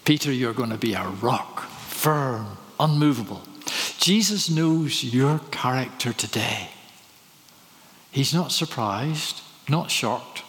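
A man's voice: mid-range voice, lively intonation, takes it slowly, a bit bright. A man preaching a sermon, telling stories and asking rhetorical questions. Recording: reverberant hall.

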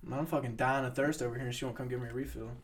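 A man's voice: medium pitch, steady tone, rapid-fire. A young man in casual chat who jokes brashly and swears casually.

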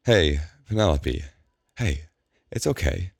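A man's voice: low-pitched, animated, slow pace, vocal fry, a little mellow, dry recording, studio quality, voice pushed up, exaggerated voice. A man voicing a frail, washed-out man who talks weakly and dully. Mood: soothing. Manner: weak, dull, soothing.

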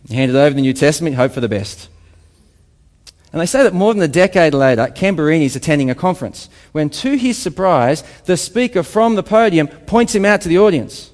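A man preaching a sermon to a congregation, emphatic, with rhetorical questions and quieter reflective passages. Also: on the high side, lively intonation, fairly quick, big-room sound. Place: church hall with congregation.

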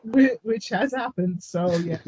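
A woman's voice: a little high, highs cut off, slight background noise. A Canadian woman co-hosting a podcast in casual chat, laughing often and hesitating with lots of fillers. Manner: giggly, hesitant, many fillers. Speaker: podcast co-host.

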